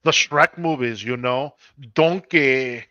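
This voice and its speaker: A man's voice: medium pitch, slow, sharp tone, no room sound, highs cut off. A man co-hosting a casual live-stream chat, sarcastic and crude as he mocks a rival. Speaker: co-host.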